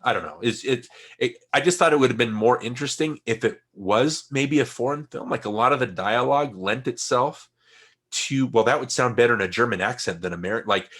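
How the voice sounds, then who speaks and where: A man co-hosting a relaxed film discussion podcast. He talks in loose, wandering sentences, often restarting mid-thought and trailing off into asides. His voice sits at an ordinary middle pitch. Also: brisk, slightly rough. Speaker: podcast co-host.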